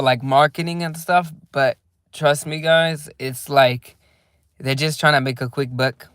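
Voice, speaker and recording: A man's voice: on the high side, a bit bright, no room sound, clean studio sound. A young man chatting casually in a loose, rambling vlog from inside his car, laughing often. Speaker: vlogger.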